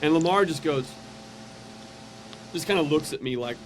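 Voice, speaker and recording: A man's voice: a little high, expressive, normal speed, slight background noise. A man speaking as a podcast guest, telling a personal faith story in an earnest, conversational way and acting out the voices of people in it.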